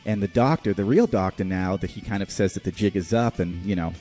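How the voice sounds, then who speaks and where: A man's voice: sits low, fairly quick, few pauses, dark tone, soft background music. A man hosting a casual podcast, reviewing a movie in a rambling, profane way with lots of fillers. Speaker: podcast host.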